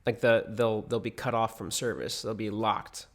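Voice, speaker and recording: A man's voice: fairly low pitch, steady tone, moderate pace. A young American man casually recounting a personal story, rambling with many fillers and restarts. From United States. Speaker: vlogger.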